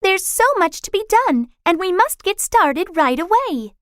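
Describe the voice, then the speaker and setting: A tiny fairy girl with a high, silvery little voice. She sounds quick and urgent, her voice leaping up and down, and it comes across close and dry. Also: big pitch swings, no echo, exaggerated voice. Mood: eager.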